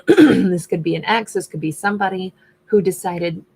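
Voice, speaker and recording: A woman's voice: mid-range voice, normal speed, vocal fry, darkish tone, slightly rough. A woman doing a casual tarot reading who thinks aloud and is losing her voice. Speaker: tarot reader.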